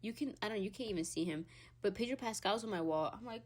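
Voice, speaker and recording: A young woman hosting her own podcast, ranting in a casual, animated way, swearing freely, laughing often and jumping between loud squeals and low mutters. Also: fast. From Hispanic background. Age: young adult. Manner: animated, swearing, laughs often, big swings in pitch and loudness. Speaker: podcast host. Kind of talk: casual solo rant.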